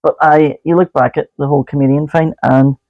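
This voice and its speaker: A man's voice: on the high side, steady tone, fairly quick, no echo, muffled recording. A man co-hosting a podcast, joking in a casual chat, laughing often and going off on rambling asides. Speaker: podcast co-host.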